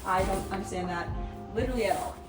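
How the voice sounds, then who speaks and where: Loud music plays behind this fast-talking, mid-range female voice. Indoors in her apartment, the vlogger, who also coaches swim diving and is in her twenties, rambles casually on camera and gets easily moved, with the distant camera giving the sound a roomy quality.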